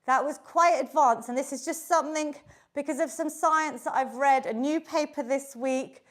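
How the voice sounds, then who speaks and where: High-voiced upbeat woman fitness instructor. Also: normal speed, a bit bright. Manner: upbeat, encouraging, counting reps aloud while exercising. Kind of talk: live online exercise class.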